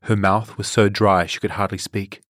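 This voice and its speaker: Low-voiced male storyteller. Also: flat delivery, moderate pace, a bit bright, no room sound, clean studio sound. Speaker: narrator. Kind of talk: storybook reading.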